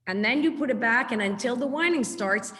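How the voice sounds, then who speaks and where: A woman giving a chatty, animated webinar lecture as a dog trainer over a video call. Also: a little high, fairly quick, big-room sound.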